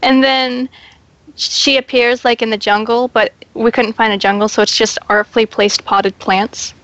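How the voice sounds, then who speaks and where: A woman playing a tabletop wrestling game, describing her character with animated, giggly energy. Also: on the high side, normal speed, dry recording, poor audio. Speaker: player. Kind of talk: casual tabletop play.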